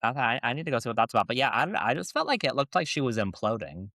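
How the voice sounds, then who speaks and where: A man's voice: mid-range voice, sing-song, racing, bright, forceful tone, no room sound, studio quality. A young man co-hosting a podcast in a casual, playful way, laughing often and restarting his sentences. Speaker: podcast co-host. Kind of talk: casual chat.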